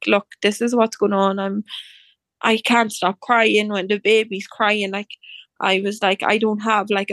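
Flat-voiced woman telling her story. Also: mid-range voice, no echo. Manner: chatty, acts out reported dialogue, many fillers like "like". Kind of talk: personal storytelling.

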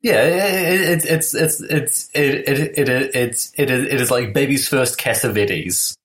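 A man co-hosting a film podcast, retelling a movie scene in a casual, deadpan and wry way. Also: mid-range voice, unhurried, low-quality recording.

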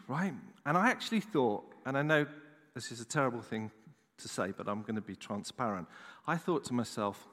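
Candid storytelling preacher in an echoey hall. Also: male voice, mid-range voice, expressive, a little fast, a bit bright. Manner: storytelling, candid, chatty asides to the audience. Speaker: pastor. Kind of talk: sermon.

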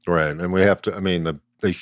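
A man with a very low voice hosting a casual interview, with short questions and quick replies. The sound is close and dry, with no room around it. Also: fairly even intonation, no room sound. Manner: brief backchannel replies, short follow-up questions. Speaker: host.

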